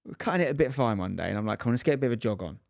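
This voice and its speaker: A man's voice: medium pitch, very fast, gravelly, no echo, clean studio sound. A man co-hosting a casual podcast chat, telling a story and acting out the people in it. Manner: animated storyteller acting out quotes. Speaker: podcast co-host, dad.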